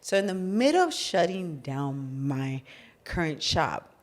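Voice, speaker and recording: A middle-aged woman from California, co-hosting a podcast and telling her business story in a casual, animated way, acting out the dialogue she recalls. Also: low voice, measured pace. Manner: animated, acts out quoted dialogue. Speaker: podcast co-host, business founder.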